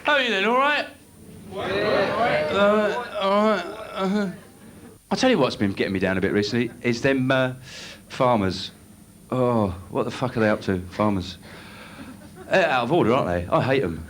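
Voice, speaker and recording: A young man doing live stand-up on a club stage, telling rambling stories in a deadpan way with asides. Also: mid-range voice, moderate pace. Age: young adult. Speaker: stand-up comedian. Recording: noisy old videotaped club show.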